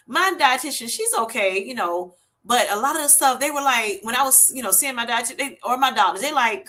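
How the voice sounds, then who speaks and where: A woman's voice: fairly high pitch, animated, a little fast, bright, forceful tone. A woman hosting a casual live-stream health chat, retelling her doctor visits and greeting viewers as they join.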